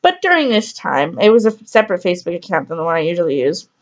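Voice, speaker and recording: A woman's voice: fairly low pitch, very animated, fast. Candid, rambling woman vlogger. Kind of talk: casual storytelling to camera. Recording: slightly dull lo-fi audio.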